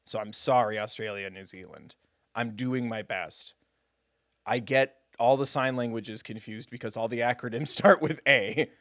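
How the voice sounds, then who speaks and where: A man's voice: medium pitch, normal speed, fairly bright tone, dry recording, studio quality. A man streaming a game live, chatting casually with his viewers in a self-deprecating, giggly way.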